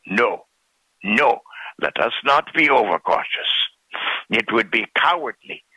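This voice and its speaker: A man reading a storybook, voicing an elderly villager who speaks in a hushed, earnest way. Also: mid-range voice, expressive, slow, breathy edge, no room sound, full character voice, low-quality recording. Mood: firm.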